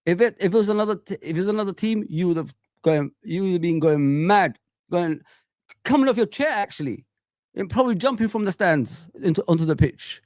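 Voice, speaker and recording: Casting note: male fan-channel host, slightly higher voice, rambling and animated with constant fillers, close dry sound. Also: a little fast, dry recording. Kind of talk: casual live reaction chat.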